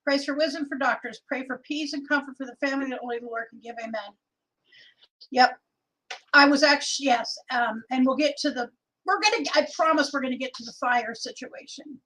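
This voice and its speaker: A woman's voice: high voice, a little fast, bright, forceful tone, poor audio. A middle-aged woman from Oregon hosting a casual livestream, chatting and reading viewer comments aloud. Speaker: livestream host.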